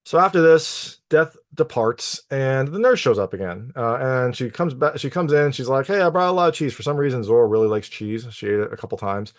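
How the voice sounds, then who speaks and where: A man recaps a film's plot in a relaxed, rambling way, leaning on "like" and "you know" as he thinks aloud. His voice sits at an ordinary pitch. The recording is dry, with no room sound. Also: normal speed, few pauses, dry recording. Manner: loose and chatty, peppered with "like" and "you know". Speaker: film reviewer. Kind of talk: casual spoken plot recap.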